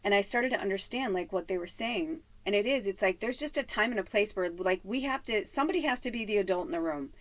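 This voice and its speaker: A woman's voice: mid-range voice, expressive, fast talker, hardly any pauses, no room sound, rough recording. A woman from Chicago, a psychic medium, telling a heated story in a casual vlog with lots of swearing and fillers. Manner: lots of fillers like "you know" and "like".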